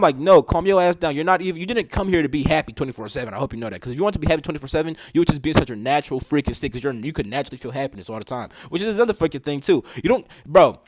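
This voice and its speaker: A man's voice: on the high side, lively intonation, rapid-fire, rough recording. A young man giving a casual spiritual talk, slangy and swearing, often asking "you know what I'm saying". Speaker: spiritual teacher.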